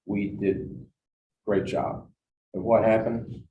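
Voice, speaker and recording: A man giving a storytelling presentation on negotiation, swinging between loud emphasis and quiet asides. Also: fairly low pitch, fairly even intonation, slow, phone-quality sound, a little hiss or hum. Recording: echoey room, distant mic.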